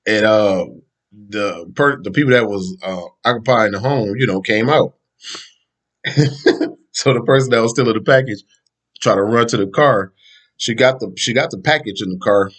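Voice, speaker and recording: A man's voice: fairly low pitch, fairly bright tone. A man hosting a podcast, talking in a loose, rambling, slangy way and laughing often. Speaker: podcast host. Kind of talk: casual opinion talk.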